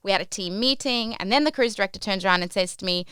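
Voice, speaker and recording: A woman's voice: medium pitch, quick pace, few pauses, a bit bright, clear, resonant tone, dry recording, clean studio sound. A young woman from South Africa telling a casual vlog story about her work as a cruise ship entertainer, chatty and full of "like" fillers.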